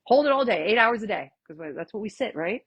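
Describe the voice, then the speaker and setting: Sassy woman chiropractor, blunt and chatty, slightly breathy tone, close dry recording. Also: fairly high pitch, animated, brisk, no echo. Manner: casual, chatty with audience. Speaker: chiropractor giving a workshop. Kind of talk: live workshop lecture.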